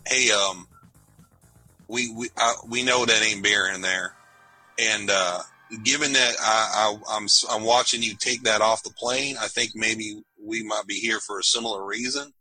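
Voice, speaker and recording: Male player in character, hesitant drawl, bright and lowish. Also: steady tone, breathy edge, soft background music, low-quality recording. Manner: halting, hesitant, casual drawl. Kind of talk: in-character tabletop play.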